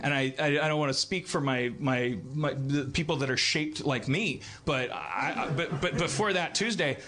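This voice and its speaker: A man in his forties hosting a live comedy podcast, rambling through a monologue with frequent restarts and shrill mocking impressions. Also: normal speed, sharp tone. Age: 40s. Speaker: podcast host. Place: live venue stage.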